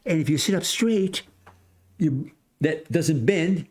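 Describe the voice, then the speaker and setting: A man of a hundred, a podcast guest, telling a story in casual conversation, animated, acting out voices and restarting often. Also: a little high, slow pace. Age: 100s.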